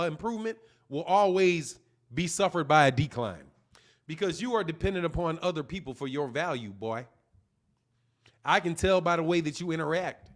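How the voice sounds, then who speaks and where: A man's voice: high voice, fairly bright tone. A male host of a boxing channel delivering a profane, mocking live-stream rant, taunting a viewer and laughing between jabs.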